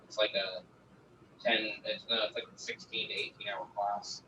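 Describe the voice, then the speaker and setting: Cussing grow guy rambling on a stream, kinda far from a lo-fi mic, bright voice. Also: lowish voice, little pitch movement, normal speed. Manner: loose, profane, rambling. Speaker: guest grower. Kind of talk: casual livestream chat. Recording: distant lo-fi mic with faint noise.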